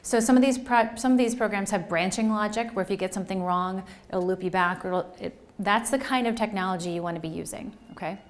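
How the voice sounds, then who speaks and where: A woman from New Jersey giving a lively, conversational workshop presentation to educators, often checking in with the audience. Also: medium pitch, fast talker, few pauses. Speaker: conference presenter. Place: presentation room.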